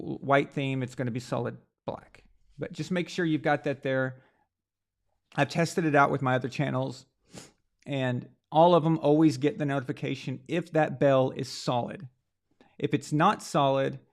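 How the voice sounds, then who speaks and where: A man hosting a live stream, chatting casually and joking with viewers. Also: medium pitch. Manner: joking, rambling, mock French voice at times. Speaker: host. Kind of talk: live-stream chat, reading viewer comments.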